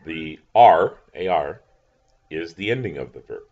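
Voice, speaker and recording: A man's voice: a bass voice, lively intonation, unhurried, darkish tone, dull audio. A man teaching a recorded lesson, patient, spelling words out letter by letter. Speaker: language teacher.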